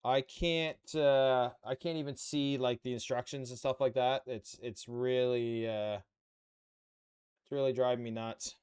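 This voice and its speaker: A man's voice: medium pitch, fairly even intonation, unhurried, darkish tone, clean tone. A man live-streaming a model-kit build, chatting with viewers and muttering to himself as he works. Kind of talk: casual live-stream chat.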